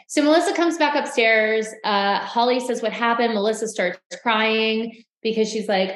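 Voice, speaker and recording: A woman co-hosting a casual recap podcast, telling stories in a lively way and acting out what others said. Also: a little high, brisk, few pauses, reverberant, rough recording. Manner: animated storytelling, acting out quotes. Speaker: podcast co-host.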